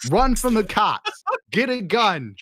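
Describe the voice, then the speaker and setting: A man co-hosting a podcast, talking in a brash, profane way and mocking people in quick jokey rants. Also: high voice, sing-song, pushed and bright. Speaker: podcast co-host. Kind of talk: crude casual chat.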